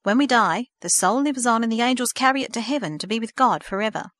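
A woman voicing a kindly, authoritative male minister who speaks gently, in a storybook reading. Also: a little high, expressive, quick pace, no room sound, clean studio sound.

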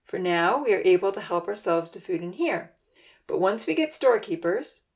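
Woman doing a kind grown-up guy in a kids story, slow and calm, a bit firm. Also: medium pitch, natural voice. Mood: reassuring. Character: kind, calm adult man leading children.

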